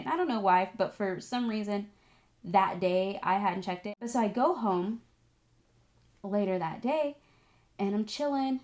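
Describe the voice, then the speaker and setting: A young woman vlogger telling a personal story in a casual, animated and chatty way, turning tearful at moments. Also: medium pitch, slow pace, long pauses. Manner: animated, emotional, chatty with many "like"s. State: tearful at times. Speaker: vlogger, esthetics student.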